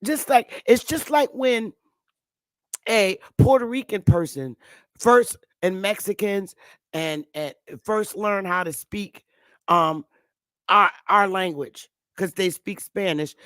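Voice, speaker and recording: A woman's voice: mid-range voice, slow pace, a bit bright, no room sound. Rambling fifties woman, dry sound. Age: 50s. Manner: rambling, repeats herself, calls listeners sweetheart and love. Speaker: channel host. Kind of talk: casual monologue. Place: Connecticut.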